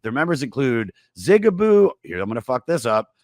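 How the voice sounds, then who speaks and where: A male podcast host talking casually, swinging between loud jokes and quiet asides, with plenty of cursing and laughter. His voice sits close to the mic in a dry, dead-sounding room. He sounds loose and excitable. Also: mid-range voice, a little fast, dry recording. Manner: animated, swears a lot, laughs often. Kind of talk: casual chat.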